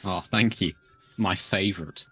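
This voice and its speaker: A man putting on a husky Scottish squirrel creature. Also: low voice, unhurried, pushed and bright, soft background music, heavily acted. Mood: chatty. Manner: hesitant, stammering, politely formal. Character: tiny male squirrel-like creature, polite and meek.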